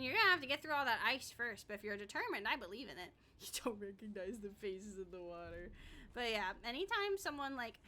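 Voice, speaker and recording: A woman's voice: on the high side, bright, forceful tone. A young woman streaming a game, chatting casually with viewers, swearing and laughing often. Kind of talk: casual gaming stream chat.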